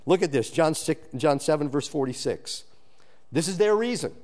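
Earnest man teaching a sermon. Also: moderate pace. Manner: earnest teaching, swinging between low emphatic and raised animated delivery; frequent restarts and repeated words. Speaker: pastor. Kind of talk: expository sermon.

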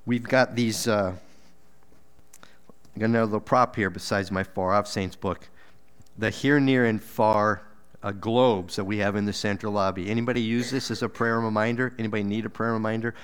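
A man's voice: steady tone, moderate pace, clean tone. Earnest man preaching a sermon. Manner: earnest, exhorting, repeats words, rises for emphasis then drops low. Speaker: pastor. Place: church.

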